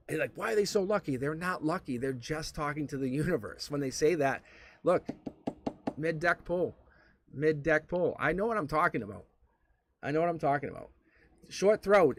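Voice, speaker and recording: A man's voice: medium pitch, a bit bright. A man giving a live-streamed tarot reading, motivational and repetitive, swearing casually as he talks. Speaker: tarot reader.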